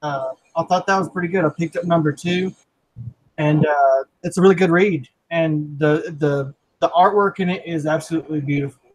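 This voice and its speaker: Male co-host, enthusiastic and rambling, fairly high-pitched casual talker. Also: moderate pace, poor audio. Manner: rambling and enthusiastic, lots of fillers and restarts. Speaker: podcast co-host. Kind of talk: casual chat.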